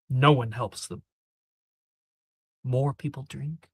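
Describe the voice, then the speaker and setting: A man narrating a tabletop game as game master, slow and hushed. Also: mid-range voice, steady tone, slightly rough, dry recording, clean studio sound.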